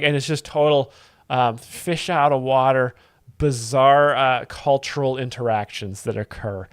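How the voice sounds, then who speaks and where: A man hosts a livestream in a deadpan, mock-earnest tone. He rambles and halts over fillers and restarts. His voice sits at a middle pitch in a dry, close room. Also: no echo. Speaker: joke explainer host of a livestream. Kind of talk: mock-earnest comedic commentary.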